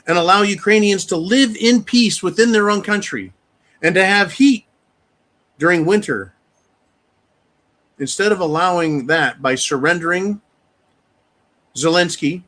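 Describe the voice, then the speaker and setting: A man's voice: sits high, measured pace, long pauses, a bit bright. A man hosting a live show, delivering a heated, profane, ranting monologue with mocking repetition. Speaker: host. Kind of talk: live-stream commentary monologue.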